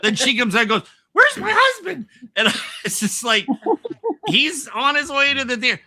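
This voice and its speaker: A man's voice: very high voice, normal speed, bright, forceful tone. A man hosting a podcast, telling a rambling workplace anecdote in casual chat with frequent laughs and restarts. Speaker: podcast host.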